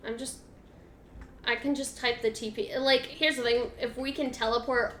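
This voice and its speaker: A woman's voice: on the high side, fairly even intonation, normal speed, a bit bright, reverberant, a little hiss or hum. A woman chatting casually while playing a game, thinking aloud with lots of fillers. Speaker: game co-player. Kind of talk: casual gaming chat.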